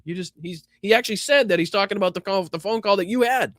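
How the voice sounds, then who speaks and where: A man's voice: sits high, fast, a bit bright, dry recording. A man with a Boston accent hosting live political commentary, sarcastic and profane, breaking into laughing asides.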